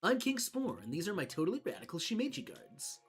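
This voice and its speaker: A streamer voicing a laid-back surfer-dude mushroom king with slangy, excitable speech, reading video game dialogue aloud. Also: medium pitch, a little fast, soft background music, pitched above the performer's own voice. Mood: stoked.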